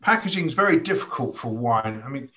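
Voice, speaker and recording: A man's voice: medium pitch, animated, fairly quick, fairly bright tone. A man interviewing a guest, asking long, thoughtful questions and telling anecdotes in a conversational way.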